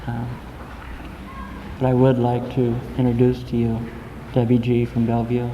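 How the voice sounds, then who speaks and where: A man introducing a guest speaker at a recovery meeting, earnest and halting, with many fillers. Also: medium pitch, completely flat delivery, dull audio, slight background noise.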